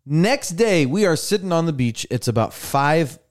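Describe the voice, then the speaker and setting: Chatting casually on his podcast through a studio mic, a young host brings his stories to life by acting out people's lines. He speaks at a moderate pace in a fairly high voice.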